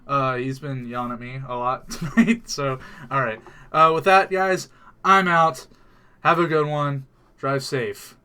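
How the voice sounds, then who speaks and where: A man wrapping up a casual online gaming show. His voice is bright and forward. He rambles loosely, drops "dude" and "like" everywhere, and laughs often. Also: mid-range voice, unhurried, a little hiss or hum. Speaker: podcast host. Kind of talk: casual stream chat.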